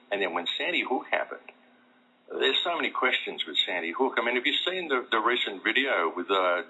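A man talks in a low, husky voice that still has a bright, forceful edge. He rambles through a casual conversation, often restarting his sentences. The recording sounds dull and lo-fi. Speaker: radio show guest.

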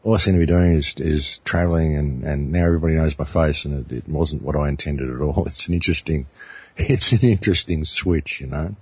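A man in his fifties with an Australian accent, talking earnestly as an interview guest, often pausing and repeating words as he thinks. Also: rumbling low, breathy edge, no echo. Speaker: interview guest, documentary maker. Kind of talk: reflective interview talk.

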